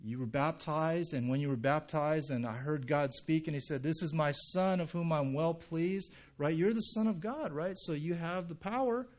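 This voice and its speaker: Man doing a coaxing devil tempter, lifted pitch, smooth persuasive questions. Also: moderate pace, hardly any pauses, darkish tone, natural voice.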